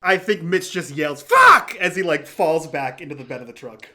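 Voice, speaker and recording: A man playing a tabletop role-playing game, animated and swearing in excitement. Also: on the high side, a little fast. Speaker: player.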